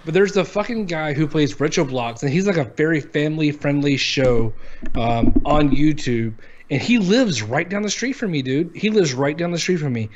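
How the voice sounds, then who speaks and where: A man in his thirties talks in a loose, unscripted chat, blunt and dismissive and quick to swear. His voice sits a little high for a man. The recording is dull and lo-fi, as if through a cheap mic. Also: animated, a little hiss or hum. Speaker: podcast co-host. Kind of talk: casual chat. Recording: dull lo-fi audio.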